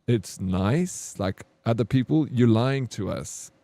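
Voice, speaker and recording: A man's voice: mid-range voice, animated, takes it slowly, warm tone, no room sound. A young man from South Africa with a South African accent, chatting frankly and laughing easily with viewers while he streams a game. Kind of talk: casual live-stream chat with viewers.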